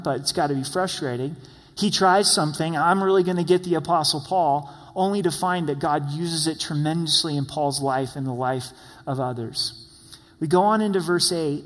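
A man's voice: a little high, a bit bright. A man preaching a sermon as pastor, earnest, acting out prayers and quotes as he goes. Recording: long reverb of a large hall.

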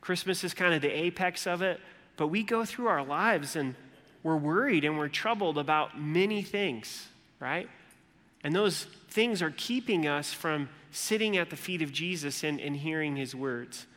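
Animated pastor preaching in a reverberant church hall. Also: male voice, a little high, a little slow. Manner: animated, acts out quoted voices with humor. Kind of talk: sermon.

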